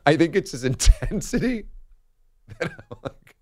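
A man's voice: fairly high pitch, sing-song, a little slow, a little mellow, dry recording. A man hosting a sports talk radio show, chatty and laughing often, on a studio microphone.

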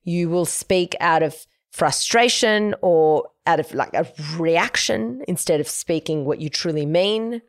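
A woman's voice: fairly low pitch, animated, a little slow, few pauses, clear, resonant tone, no echo, studio quality. A young adult woman hosting a casual solo podcast, chatty and emphatic as she gives advice. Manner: chatty, emphatic, giving advice with quoted asides. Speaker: podcast host.

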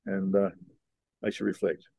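An older man being interviewed, telling long rambling stories in a relaxed, casual way. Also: low-pitched, normal speed, gravelly, slightly rough, no echo. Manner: laid-back rambling storyteller. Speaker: guest.

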